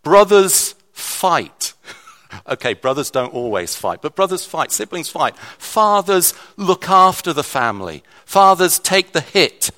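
A man's voice: fairly high pitch, big pitch swings, unhurried, bright, forceful tone. A man preaching a sermon in a conversational way, with restarts and shifting emphasis.

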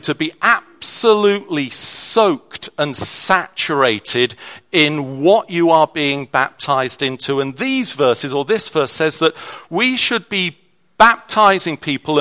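A man's voice: fairly high pitch, sharp tone. A man preaching a sermon in a conversational way, with restarts and shifting emphasis.

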